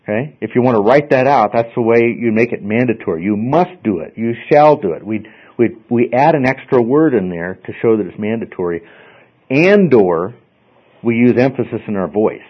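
A man's voice: medium pitch, expressive, moderate pace. Male teacher mid-lecture in a classroom, patient explainer, slightly dull lo-fi recording. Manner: explains step by step, checks in with frequent "okay?". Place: classroom with students.

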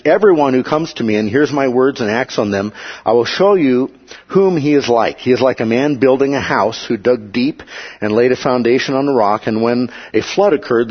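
Husky-voiced man teaching Bible study. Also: mid-range voice. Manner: plain, measured teaching, often asks "Okay?". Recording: dull lo-fi recording.

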